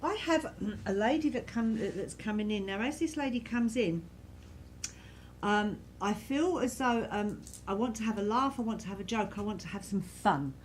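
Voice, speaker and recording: A woman leading a church service as a medium, addressing people in the congregation with a gentle, reassuring manner. Her voice sits at a middle pitch and she often circles back with soft repeats and fillers. A faint hum of noise lies behind her. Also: expressive, moderate pace. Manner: gentle, reassuring, repetitive, many "you know"s. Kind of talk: giving spirit messages to a congregation.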